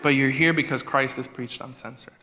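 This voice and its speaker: A man's voice: medium pitch, fairly even intonation, a little fast, bright, forceful tone. A man preaching a sermon as executive pastor, acting out prayers in a raised voice. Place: church sanctuary. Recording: reverberant church hall with music.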